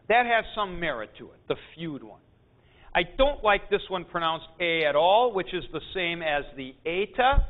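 A man teaching a Greek class, explaining pronunciation in a deliberate lecture and clearing his throat often. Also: high voice. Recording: tinny phone-like lo-fi recording.

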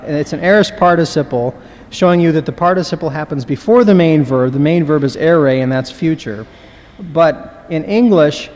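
Male lecturer, slightly high voice, hesitant and full of fillers, in a hall with long reverb. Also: darkish tone. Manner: halting, many fillers, reads Greek slowly. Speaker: Greek teacher. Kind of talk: lecture on New Testament Greek.

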